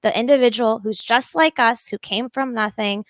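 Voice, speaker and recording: A woman being interviewed as a podcast guest, talking in an animated, enthusiastic way in long flowing runs. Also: fairly high pitch, normal speed, no room sound. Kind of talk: casual interview talk.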